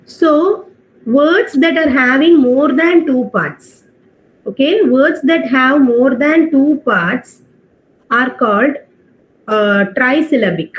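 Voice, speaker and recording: A woman's voice: high voice, lively intonation, slow. A woman teaching an online English class, explaining step by step, checking with questions and mixing in Hindi phrases. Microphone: video call. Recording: dull online-class audio.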